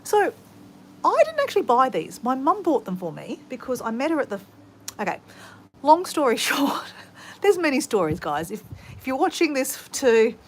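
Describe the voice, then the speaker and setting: A rambling, chatty Australian woman talks to her viewers from her home garden, greeting people as she goes. She speaks into a phone camera, with a faint hiss behind her voice. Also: a little high. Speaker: vlogger. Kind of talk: casual chat to live viewers while gardening.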